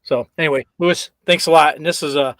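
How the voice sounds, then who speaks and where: Higher-voiced man, rambling stream chatter. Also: steady tone, fast, fairly bright tone, no room sound, clean studio sound. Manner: rambling, stops and restarts with many uh's. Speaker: co-host, screen printing business owner. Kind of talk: casual live-stream chat.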